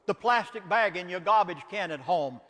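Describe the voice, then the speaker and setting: A man's voice: sits high, animated, normal speed, a bit bright, big-room sound. A man with a Southern US accent, a minister giving an impassioned lecture in an emphatic, preacherly manner, full of rhetorical questions.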